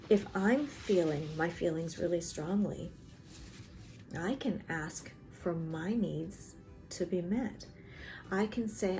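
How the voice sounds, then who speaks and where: A woman therapist calmly explaining emotional boundaries, acting out small everyday conversations as she teaches. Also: fairly low pitch. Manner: gentle and explanatory, acts out little dialogues. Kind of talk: teaching talk to camera. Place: in South Carolina.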